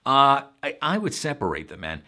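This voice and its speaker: A man's voice: mid-range voice, sing-song, moderate pace, sharp tone. A man from Long Island with a faint New York accent, hosting a show and giving frank, casual advice full of fillers. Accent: slight Long Island New York. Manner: frank, conversational, many fillers. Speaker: voiceover show host.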